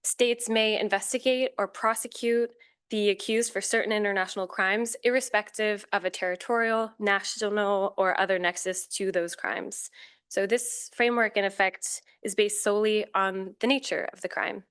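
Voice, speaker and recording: A woman giving a formal, measured academic talk as a conference panel speaker, with occasional fillers and self-corrections. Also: mid-range voice, steady tone, fairly bright tone, clear, resonant tone.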